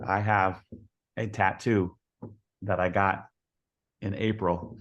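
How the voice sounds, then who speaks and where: A man who coaches softball, telling folksy anecdotes as a podcast guest and acting out the dialogue in them. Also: deep voice, little pitch movement, slow pace, highs cut off. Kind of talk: storytelling in a podcast interview.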